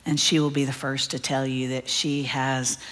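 A middle-aged woman, preaching a sermon and telling a story with lively, animated delivery. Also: rumbling low, normal speed. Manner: animated storyteller, acts out children's cries.

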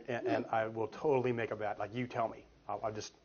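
Speaking as a guest at a church group, a man in his forties delivers an earnest, casual teaching talk, storytelling with frequent restarts. His fairly low, slightly mellow voice is flat and a little fast. The dull lo-fi recording was made in a meeting room beside a children's group, with slight background noise.

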